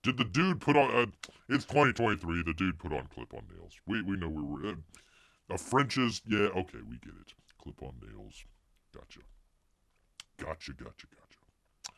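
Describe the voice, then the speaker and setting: A man's voice: sits low, very animated, moderate pace, creaky, a bit bright, no room sound. A man hosting a casual livestream, rambling and jokey as he reads news and chat, calling himself Bear. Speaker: livestream host.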